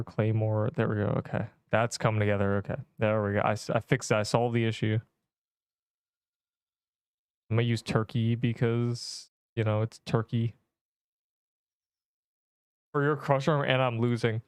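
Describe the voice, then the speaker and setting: A man with a smooth, resonant voice at an everyday pitch, streaming a game and bantering with chat. He rambles and sounds exasperated, heavy on slang. The sound is dry and close. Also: steady tone, normal speed, a little mellow, dry recording. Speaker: gaming streamer. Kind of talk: casual livestream chatter while playing.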